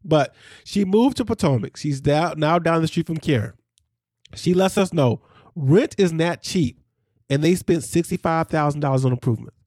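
Animated podcast guy, kinda high voice, dry close sound. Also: dry recording. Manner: animated, jokey, quick asides. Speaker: podcast co-host. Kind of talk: casual chat.

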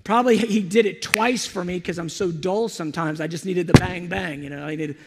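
Male preacher, high and gravelly, animated storyteller. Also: a little fast, in a large hall, heavy background noise. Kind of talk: storytelling sermon.

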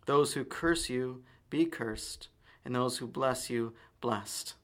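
A man's voice: mid-range voice, slow, natural voice. A man reading the lines of an old blind father giving a solemn blessing.

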